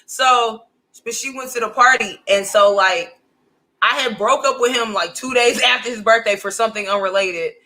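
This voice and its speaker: A woman in her thirties, a comedian guest telling stories in a brash, profane, animated way. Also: on the high side, normal speed. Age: 30s. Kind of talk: casual storytelling.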